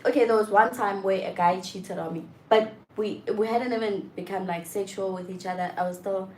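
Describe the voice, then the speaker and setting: A young woman chatting candidly and frankly, often getting loud and exasperated as she makes her point. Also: mid-range voice, steady tone, a little fast. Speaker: vlogger. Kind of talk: candid casual chat. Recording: roomy echo with faint background noise.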